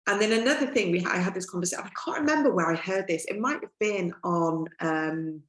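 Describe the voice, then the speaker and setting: A middle-aged woman speaking as a guest in a podcast chat, reflective and unhurried with frequent fillers. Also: fairly low pitch. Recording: echoey room.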